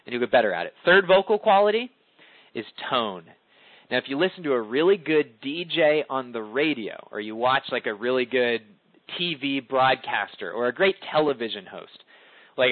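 A man runs a conference call, coaching listeners on public speaking. His voice climbs and dips with lively emphasis, and the call comes through as a tinny, dry phone line. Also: dry recording. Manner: animated, swoops pitch up and down for emphasis.

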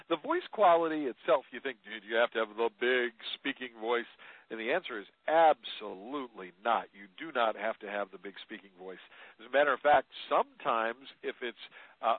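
A man explains media skills in a relaxed, advisory way, repeating his key points for emphasis. His voice comes through a tinny, narrow phone line. The sound is close and dry. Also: medium pitch, no echo. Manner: conversational, advisory, emphatic repetition. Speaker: media trainer guest. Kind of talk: teleconference interview answers.

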